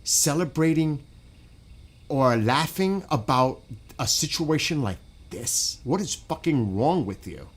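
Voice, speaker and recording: A man's voice: a little high, animated, takes it slowly, husky. A man on a gaming stream in casual chat. He talks bluntly and swears a lot, rambles and restarts his sentences, and often drifts away from the mic.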